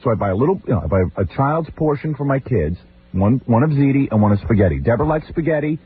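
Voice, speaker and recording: A middle-aged male radio host rattles off family stories at a quick clip, his voice leaping around as he acts out the people in them. The sound is narrow and tinny, like an old broadcast archive with a faint hiss underneath. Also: medium pitch. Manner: animated, mimics family members in exaggerated voices. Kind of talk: comic talk-radio storytelling.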